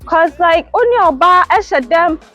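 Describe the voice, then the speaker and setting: A woman's voice: very high-pitched, measured pace, sharp tone, lo-fi sound, faint music behind. A woman with a Ghanaian accent in a comic argument skit, arguing and mixing pidgin with English. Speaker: comedian in a skit.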